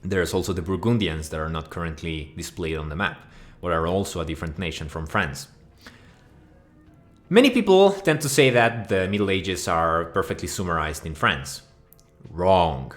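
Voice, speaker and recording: A man's voice: low voice, animated, normal speed, a bit bright, soft background music. A man from Mexico giving a profane, mock-outraged and rambling comedic rant over slides. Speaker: video essayist.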